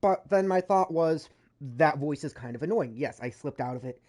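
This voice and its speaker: A woman's voice: sits low, animated, normal speed, a little mellow. A woman streamer chatting casually over gameplay, rambling with frequent fillers and self-corrections. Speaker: gaming streamer.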